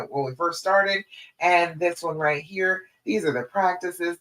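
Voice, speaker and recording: A woman's voice: low voice, low-quality recording. A woman relationship coach giving a live stream talk, direct and encouraging, repeating her key points.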